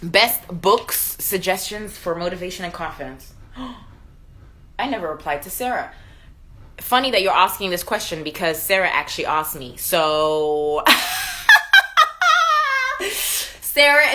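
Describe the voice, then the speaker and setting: Chatty young woman with a bright voice. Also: fairly low pitch. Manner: chatty, reads and answers viewer comments, laughs often. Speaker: live-stream host. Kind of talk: casual live-stream chat.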